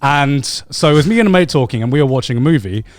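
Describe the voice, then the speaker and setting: A man co-hosting a podcast, telling a story in casual chat, animated and swearing freely. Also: mid-range voice, fast, no echo. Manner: animated, swears a lot, acts out quotes. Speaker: podcast co-host.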